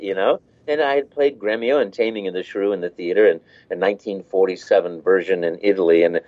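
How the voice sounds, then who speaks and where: Animated man telling voice-acting stories. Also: lowish voice, fast talker, few pauses, muffled recording. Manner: animated, laughing, demonstrates voices. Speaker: voice actor. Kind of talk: casual interview talk.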